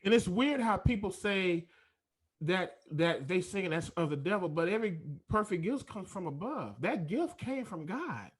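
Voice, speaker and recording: A podcast host with a high, slightly rough voice and lively intonation makes his points earnestly and emphatically in a casual conversation. He talks in quick bursts.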